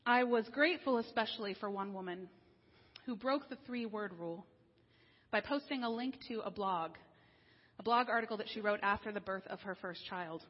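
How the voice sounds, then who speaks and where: A woman minister giving a sermon in a conversational, wry way, slowing down for serious points. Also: medium pitch, breathy edge. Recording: dull lo-fi sound with long hall reverb.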